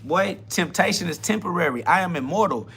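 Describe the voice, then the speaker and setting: A man's voice: sits high, animated, brisk, creaky, a bit bright, slight background noise. Combative, taunting man ranting. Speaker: podcast host. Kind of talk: profane self-talk rant.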